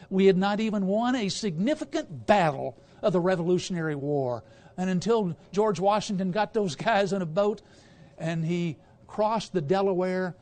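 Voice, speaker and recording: High-voiced man preaching a sermon. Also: darkish tone. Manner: emphatic, asks the congregation questions, stumbles over words. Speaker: guest preacher.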